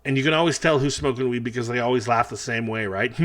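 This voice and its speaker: Bright-voiced man doing rambling stand-up. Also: mid-range voice, fast talker, hardly any pauses. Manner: rambling, self-mocking, chatty asides. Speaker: comedian. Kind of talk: stand-up comedy set. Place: taped show without live audience.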